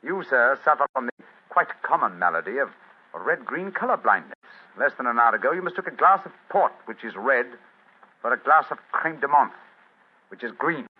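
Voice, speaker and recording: An actor playing a cool, precise master detective, quietly superior, in 1940s radio acting style. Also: male voice, mid-range voice, sing-song, normal speed, husky. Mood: coolly accusing. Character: sharp, cool-headed male master detective. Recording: dull lo-fi 1940s radio recording.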